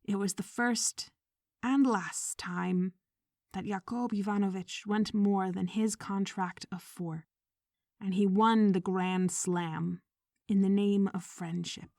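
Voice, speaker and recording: Slow, measured woman reading a story. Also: medium pitch, fairly even intonation, a little mellow, dry recording, studio quality. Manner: measured, drops to a whisper. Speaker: audiobook reader. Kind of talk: scripted audiobook narration.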